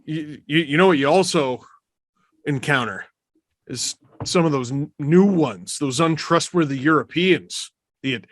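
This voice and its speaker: Man hosting a podcast, slightly high voice, excitable, casual chat. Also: no echo. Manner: excitable, gushing, quick to laugh. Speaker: podcast host.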